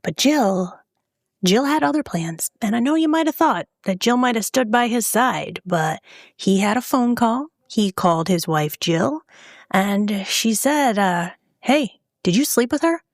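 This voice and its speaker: A woman's voice: mid-range voice, animated, a little slow, no room sound, clean studio sound. A woman hosting a podcast, telling a true-crime story in a casual, blunt way with salty, scornful asides. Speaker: podcast host.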